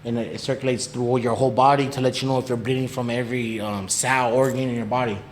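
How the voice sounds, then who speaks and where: A man's mid-range voice moves fast with fairly even intonation as he tells a story on a podcast where he's a guest. The chat is casual, with slang, swearing, and acted-out quoted dialogue for each person. There's echo and faint noise in the room.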